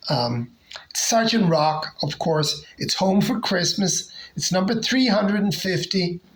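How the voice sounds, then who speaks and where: A comic collector casually showing off favorite covers, talking hesitantly with lots of pauses and restarts. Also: medium pitch, expressive, poor audio. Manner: hesitant, many fillers and restarts.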